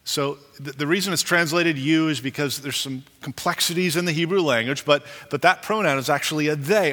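A man preaching a sermon as a pastor, animated, and acting out the people he quotes. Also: normal speed. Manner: animated, acts out quoted leaders with rising pitch. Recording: long hall reverb.

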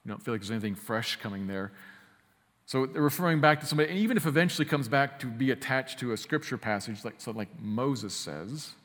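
A man preaching a sermon, emphatic, slowing down to stress key phrases and speeding through quick asides. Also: mid-range voice, animated, fairly bright tone, big-room sound. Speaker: pastor.

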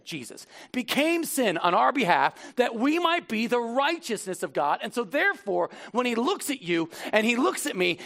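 A man preaching a sermon in a church, impassioned, swinging between loud emphatic lines and low, intimate asides. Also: vocal fry. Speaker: pastor.

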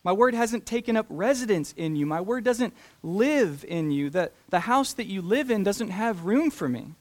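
A man preaching a sermon, talking deliberately and slowing down to stress key phrases. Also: high-pitched, lively intonation. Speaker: pastor.

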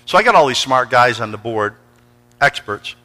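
A man's voice: mid-range voice, expressive, moderate pace, sharp tone, rough recording. A middle-aged man preaching a storytelling sermon in a church, energetically calling out to the congregation for responses. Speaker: pastor. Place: church sanctuary before a congregation.

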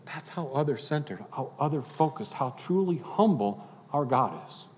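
A male pastor delivers a sermon in an earnest voice of middle pitch. He climbs to impassioned peaks, then sinks back to quiet, reflective lines. His voice rings out with a long reverb, as in a church sanctuary. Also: expressive, normal speed, slight background noise.

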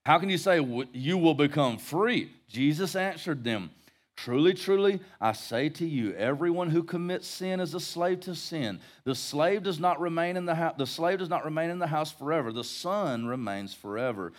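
A man's voice: on the high side, animated, normal speed. A middle-aged male pastor teaching verse by verse in a conversational sermon, with jokes and rhetorical questions to the congregation. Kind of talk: expository Bible-study sermon.

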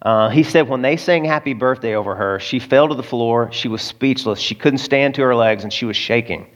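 A man's voice: medium pitch, fairly quick, highs cut off. Conversational male preacher telling a story. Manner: conversational, with asides to the listeners. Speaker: pastor. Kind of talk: sermon storytelling.

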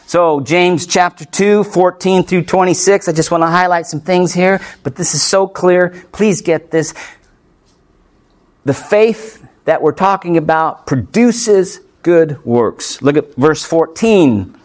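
A male pastor with a high-pitched, darkish voice preaches an expository sermon at a slow pace. He's emphatic and punchy, firing off rhetorical questions and slipping in playful asides with light laughs.

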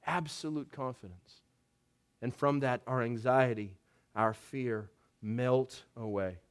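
A man in his thirties giving a sermon as pastor, conversational, with wry humor and slow, emphatic phrases. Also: medium pitch.

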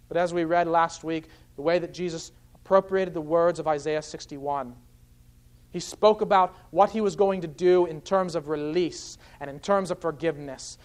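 A man preaching an expository sermon, earnestly explaining scripture point by point. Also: high-pitched. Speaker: pastor.

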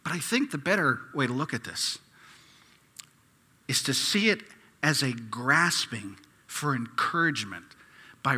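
A man preaching a sermon as a pastor, impassioned, swinging from hushed asides to loud pleading. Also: fairly high pitch, breathy edge, long reverb tail.

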